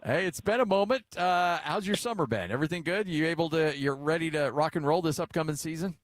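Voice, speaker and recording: Dry-sounding middle-aged American radio host. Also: male voice, on the high side, fast talker, dry recording. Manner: chatty, storytelling, joking. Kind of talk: casual sports talk.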